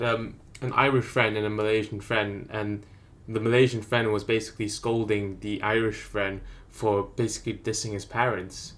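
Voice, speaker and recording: A man's voice: on the low side, fairly bright tone. A man in casual chat about a book, rambling and full of filler words. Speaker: podcast co-host discussing a book.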